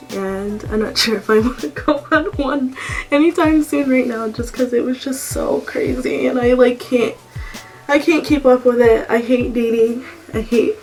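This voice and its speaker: A young woman telling a storytime vlog as a casual rant, animated and full of swearing and "like" fillers. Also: on the high side, low-quality recording. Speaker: vlogger. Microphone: camera mic.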